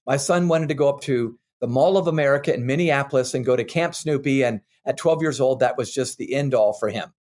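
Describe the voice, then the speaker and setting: An older man, a parenting expert, telling earnest, animated anecdotes as a guest in a candid interview. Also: mid-range voice.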